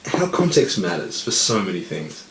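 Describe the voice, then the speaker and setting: A man's voice: deep voice, very animated, normal speed, echoey room, a little hiss or hum, rough recording. A stoned man in casual chat who rambles, swears a lot, and keeps losing his train of thought. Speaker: podcast co-host.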